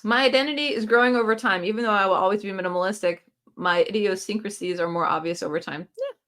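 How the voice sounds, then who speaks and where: A woman with a mid-range, fairly bright voice talks at a quick pace during an informal live stream for her booktube channel. Filming on her phone, she reads viewer comments out loud and answers them with encouraging, coaching energy.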